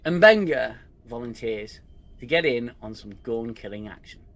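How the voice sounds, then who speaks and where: A British man reviewing a television episode in a dry, sarcastic way. His pitch moves a lot, which makes the delivery animated. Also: normal speed. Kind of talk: TV review commentary.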